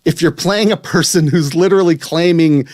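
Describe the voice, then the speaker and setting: A man from West Virginia chats on a podcast, his voice sitting a little high. He is amused and loose, often spelling words out letter by letter. The sound is dry and close. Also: normal speed, a little mellow, no echo. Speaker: podcast co-host. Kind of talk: casual chat.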